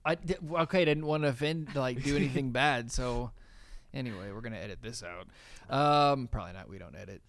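Male podcast co-host, relaxed, rambling, laughs a lot. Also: mid-range voice, brisk, vocal fry. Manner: laid-back, laughs often, rambling fillers. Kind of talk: casual podcast chat. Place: small studio room with frosted glass windows.

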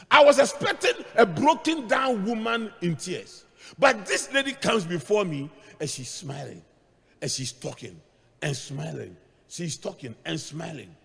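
Animated preacher man in a reverberant hall. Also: high voice, gravelly, slightly rough. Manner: storytelling preacher, swings from hushed asides to shouted points. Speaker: pastor. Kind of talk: sermon.

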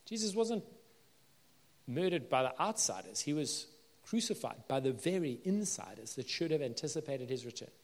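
A male pastor giving an earnest sermon, building to emphatic peaks and dropping low and slow for weight. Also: sing-song, big-room sound.

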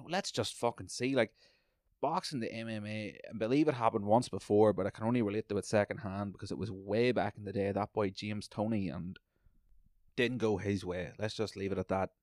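A man hosts his own podcast, rambling and swearing with excitable energy while calling a fight as he watches. His voice sits on the low side. The recording is dry and close, with no room echo. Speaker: podcast host. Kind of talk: solo podcast chat with live fight commentary.

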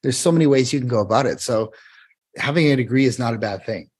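A man who's a guest choreographer tells a long, rambling anecdote in casual conversation, restarting himself as he goes. His voice is medium-pitched, fast and slightly rough, and the storytelling is animated.

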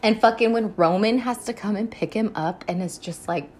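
A woman's voice: medium pitch, normal speed, darkish tone, slight background noise. A woman hosting a podcast, recapping a TV show in a rambling, casual way, swearing a lot and laughing often. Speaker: podcast host.

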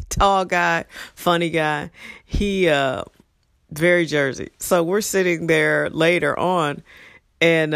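A woman telling stories from her past in a blunt, animated, profane way, acting out what people said. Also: deep voice, no echo, studio quality. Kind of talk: casual storytelling monologue.

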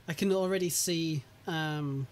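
Chatty, laughing podcast host. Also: male voice, on the high side, a little slow, a little hiss or hum. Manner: chatty, laughs often, restarts. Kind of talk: casual chat.

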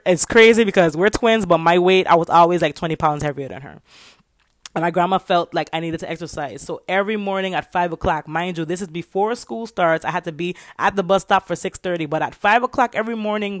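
Animated woman hosting a motivational podcast. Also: mid-range voice, no room sound, clean studio sound. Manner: animated storytelling, repeats words. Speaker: podcast host.

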